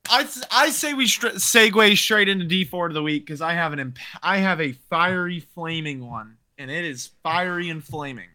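A man's voice: a little high, lively intonation, moderate pace, hardly any pauses, pushed and bright. A man co-hosting a casual sports podcast, ranting heatedly and swearing a lot. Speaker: podcast co-host.

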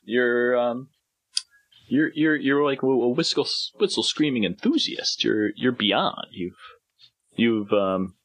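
A man's voice: medium pitch, slow, fairly bright tone, muffled recording. A man in casual banter who rambles, stumbles over repeated words and slips into mock-grand asides.

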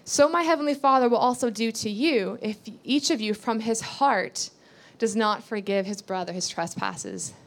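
A woman's voice: fairly high pitch, moderate pace. A woman giving a sermon, reading scripture aloud and explaining it earnestly, repeating key phrases and asking rhetorical questions. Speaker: Bible teacher.

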